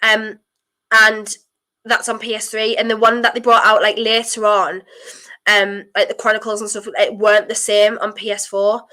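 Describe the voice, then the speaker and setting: A young woman with a blocked nose, chatting nervously and excitedly through a live football watchalong and breaking into sudden exclamations. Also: mid-range voice, normal speed. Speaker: streamer hosting a football watchalong.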